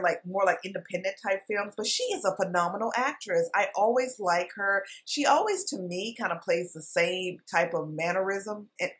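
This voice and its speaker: Chatty woman with a low voice. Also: fairly bright tone. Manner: rambling, chatty, many fillers like "like" and "um". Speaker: TV show reviewer, channel host. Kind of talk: casual vlog review.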